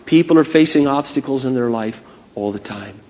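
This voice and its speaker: A man preaching a sermon, retelling stories in an animated way and speaking straight to his listeners. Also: mid-range voice, normal speed, dull audio, a little hiss or hum.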